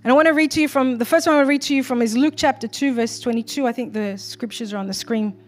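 A woman pastor preaching a sermon in a church, moving from soft, quiet asides to loud, rising exhortation. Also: fairly high pitch, quick pace.

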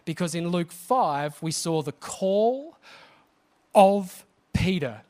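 A man preaching a sermon, animated and often asking the congregation questions. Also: high-pitched, slow.

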